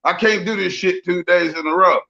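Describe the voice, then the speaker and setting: A bright, high-pitched man in his forties trades profane, joking stories in loose podcast banter. The sound is a little dull and lo-fi. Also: a little fast, gravelly. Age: 40s. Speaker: podcast co-host.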